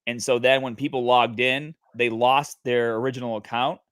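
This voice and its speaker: A man with a Boston accent, a podcast guest, explaining things in relaxed casual chat. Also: medium pitch, normal speed, clear, resonant tone, no room sound, clean studio sound. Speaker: podcast guest, game company founder.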